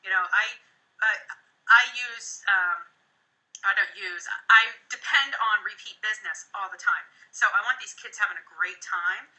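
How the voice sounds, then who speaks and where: A woman's voice: medium pitch, measured pace, sharp tone, rough recording. A woman who photographs children, chatting through tips on a casual livestream and demonstrating as she goes. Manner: chatty and demonstrative, with frequent fillers.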